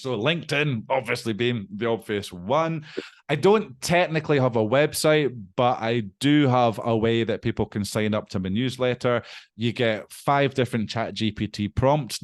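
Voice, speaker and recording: A man talking as a podcast guest in casual chat. He is animated, swears lightly, and laughs at himself. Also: mid-range voice. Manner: self-deprecating, laughs at himself.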